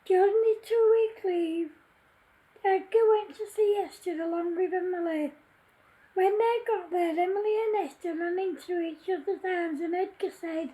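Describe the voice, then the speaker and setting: A woman's voice: very high voice, moderate pace, warm tone, poor audio. A woman reading her own story aloud in a plain way, with small slips and restarts.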